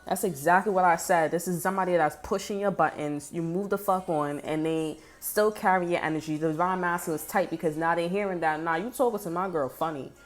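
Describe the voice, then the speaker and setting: A woman's voice: on the low side, steady tone, brisk, hardly any pauses. Woman doing a tarot reading, swears a lot, heated and blunt, faint music behind her. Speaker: tarot reader. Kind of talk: casual spoken tarot reading.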